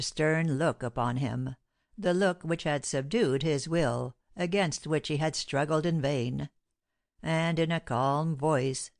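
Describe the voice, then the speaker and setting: A woman narrating a classic novel as an audiobook, reading in a measured, steady way. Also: sits low, creaky, no room sound, clean studio sound.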